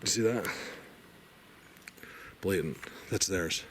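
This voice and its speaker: A man walking through a forest and talking to his camera, rambling and excitable with lots of fillers, a bit out of breath. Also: deep voice, slow pace. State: slightly out of breath. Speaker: outdoor video blogger. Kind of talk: casual walking commentary. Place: outdoors in a forest. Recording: noisy outdoor field recording.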